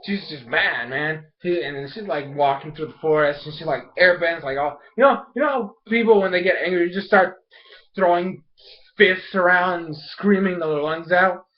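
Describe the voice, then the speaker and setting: High-voiced young man rambling a recap. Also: normal speed. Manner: rambling, filler-heavy, excitable. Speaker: TV episode reviewer. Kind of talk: casual episode recap. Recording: dull lo-fi home recording.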